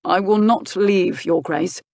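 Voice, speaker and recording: A woman voicing a firm, steady uncle and guardian in an audiobook, measured and dryly mocking. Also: lowish voice, vocal fry, no echo. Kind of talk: audiobook character voice.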